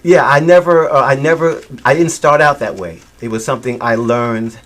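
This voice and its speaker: A man's voice: mid-range voice, moderate pace, fairly bright tone. A middle-aged man, a musician guest, telling stories animatedly in a casual interview, with frequent restarts.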